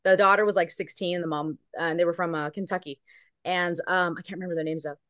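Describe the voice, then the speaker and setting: A woman's voice: lowish voice, steady tone, fast talker, fairly bright tone, dry recording. A woman from Long Beach, California, a guest correspondent who tells a story in casual chat and acts out each quote.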